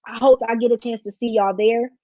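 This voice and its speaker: On the high side and steady, her brisk voice carries no echo. She's hosting a casual stream, almost crying as she speaks in a heartfelt, slangy, informal way, captured in dry, slightly flat lo-fi audio.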